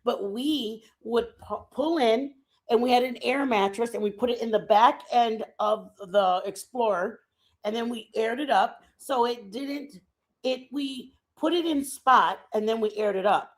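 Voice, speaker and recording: A woman's voice: fairly high pitch, measured pace. A woman in her fifties from the United States, chatting casually and rambling to her viewers on a live stream. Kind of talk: casual chat.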